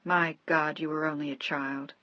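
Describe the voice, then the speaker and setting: Give me a woman playing a frail old bedridden husband, soft, weary and tender, low voice. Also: steady tone, normal speed, no room sound, highs cut off, lightly acted.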